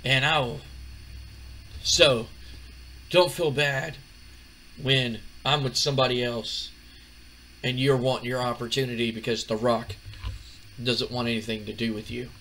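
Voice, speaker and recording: A man's voice: on the low side, completely flat delivery, measured pace, hardly any pauses, a little hiss or hum, natural voice, rough recording. A man voicing a boastful, smarmy wrestling champion who is full of himself.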